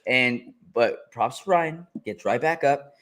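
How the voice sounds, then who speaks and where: A man co-hosting a casual fight reaction show, relaxed and often laughing as he walks through the action. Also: medium pitch. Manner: relaxed, laughing, drawn-out play-by-play. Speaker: co-host.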